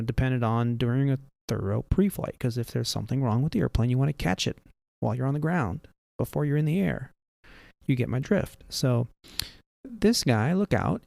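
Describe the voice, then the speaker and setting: Man, airline captain, podcast host, casual storytelling, gravelly, mellow, dry close sound. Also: mid-range voice, no room sound. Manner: conversational, asks listener questions.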